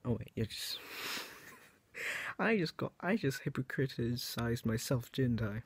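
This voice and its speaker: A man's voice: medium pitch, animated, slow pace, breathy edge, no room sound. A teenage man talking to camera in a rambling, hesitant monologue, correcting himself often and filling gaps with "um" and "like". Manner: rambling, hesitant, self-correcting, with frequent fillers. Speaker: video creator.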